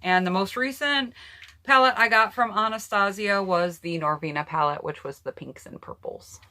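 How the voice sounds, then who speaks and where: A woman beauty vlogger chats casually through a review of her eyeshadow palettes, sharing personal opinions and talking straight to her viewers. Her voice is mid-range, bright and forceful, at a normal speed.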